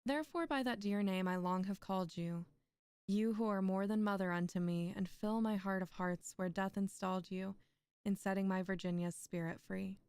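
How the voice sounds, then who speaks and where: A young woman reads poems aloud on a stream, slipping into chatty, laughing asides between them. Her voice is smooth and clear, mid-pitched, picked up close on a dry microphone with no room echo. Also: moderate pace, darkish tone. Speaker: streamer reading poetry aloud. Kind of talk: poetry reading with casual chat asides.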